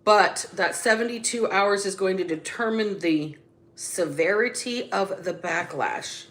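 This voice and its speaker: A woman's voice: mid-range voice, a little slow, fairly bright tone, a little hiss or hum. A woman doing a spiritual tarot reading, blunt and casual, drawing words out with sudden emphatic bursts. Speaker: psychic tarot reader.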